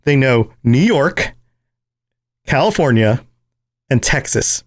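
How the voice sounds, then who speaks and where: A man hosting a podcast in casual chat. He talks in an animated way, laughs often and slips into playful impressions. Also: mid-range voice, takes it slowly, no echo, clean studio sound. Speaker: podcast host.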